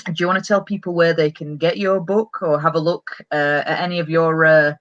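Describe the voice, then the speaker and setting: A woman's voice: deep voice, fairly even intonation, a little fast, muffled recording. A woman hosting a casual livestream interview over a video call, chatty and encouraging. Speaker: host.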